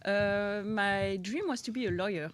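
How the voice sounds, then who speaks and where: A woman's voice: medium pitch, unhurried, dry recording. A woman from France with a French accent, a winemaker answering interview questions briefly and laughing easily.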